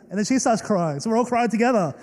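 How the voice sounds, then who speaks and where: A man's voice: high voice, darkish tone. An Australian man in his young adult years, preaching a sermon and telling stories in an earnest, emotional way, with many fillers and restarts. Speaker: pastor. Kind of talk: storytelling sermon. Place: church hall. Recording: long church hall reverb.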